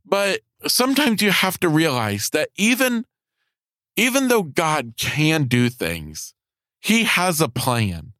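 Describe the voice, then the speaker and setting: A man hosting a podcast, telling a heartfelt personal faith testimony in a halting way, often repeating his words. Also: fairly high pitch, big pitch swings, bright, forceful tone, no room sound, clean studio sound. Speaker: podcast host.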